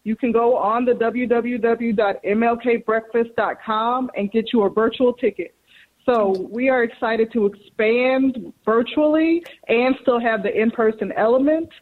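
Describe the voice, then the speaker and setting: A woman's voice: a little high, a little slow. A woman calling in as a guest, speaking in an upbeat, enthusiastic way. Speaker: corporate guest. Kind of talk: phone interview. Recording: tinny phone line.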